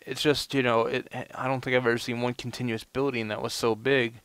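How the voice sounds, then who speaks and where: A man's voice: mid-range voice, little pitch movement, brisk, a bit bright, clear, resonant tone. A young man giving casual let's play commentary, rambling and full of "you know" fillers. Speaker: gameplay commentator.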